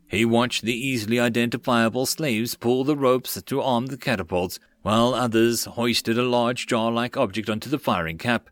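A man narrating a web novel audiobook in a steady storytelling read. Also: mid-range voice, normal speed, hardly any pauses, no room sound.

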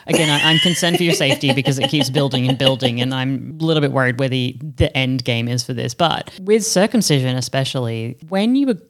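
A woman co-hosting a podcast in frank, casual chat, animated and joking. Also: a bass voice, a little fast, hardly any pauses. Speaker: podcast co-host.

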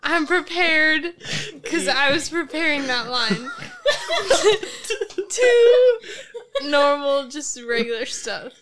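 A woman playing a tabletop game speaks slowly in a high voice, rambling and giggling as she goes. Her pitch swings widely. Loud laughter from the group fills the background. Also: lively intonation, over a noisy crowd. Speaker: player.

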